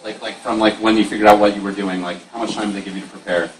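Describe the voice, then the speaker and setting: A man speaking on a convention panel of voice actors, chatty and quick to laugh. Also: on the low side, level tone. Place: large convention panel room. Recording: echoey hall from far off, noisy.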